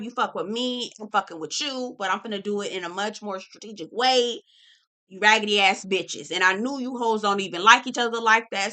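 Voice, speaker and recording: A woman hosting a casual reality TV recap, sassy and profane, telling the story with animated asides. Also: fairly high pitch.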